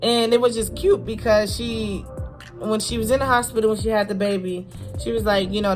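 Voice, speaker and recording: A young vlogger speaks at an ordinary mid pitch, telling a personal story to camera. She talks in a halting, heartfelt way, repeats herself and uses casual slang. Soft music plays faintly underneath. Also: fairly even intonation. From Florida.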